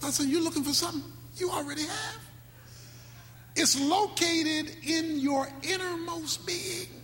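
High bright-voiced preacher in a hall. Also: male voice, a little hiss or hum. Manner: dramatic preaching, sudden shouts and slow drawn-out phrases. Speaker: pastor. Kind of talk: sermon. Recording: echoey hall with faint music.

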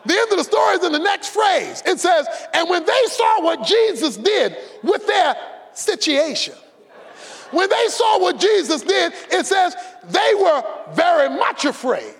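Male preacher, very high and animated voice, folksy and shouting, in a sanctuary with long reverb. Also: measured pace, some chatter behind. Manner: fiery, shouting and drawing out words for emphasis; preaching with a folksy, conversational edge. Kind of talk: sermon.

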